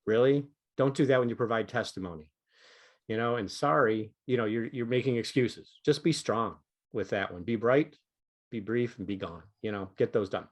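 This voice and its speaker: A man's voice: mid-range voice, normal speed. A man leading an online training session in a casual, conversational way with frequent fillers.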